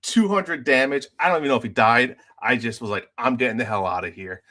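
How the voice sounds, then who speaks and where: A man co-hosting a casual podcast, telling lively gaming stories and acting out the other players' lines. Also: medium pitch, brisk. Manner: animated storyteller, acts out other players' lines. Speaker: podcast co-host.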